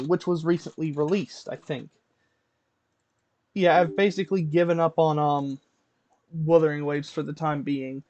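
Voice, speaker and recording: A man's voice: high voice, no echo. A man streaming, reading a Bible passage aloud, stumbling over words and correcting himself as he goes.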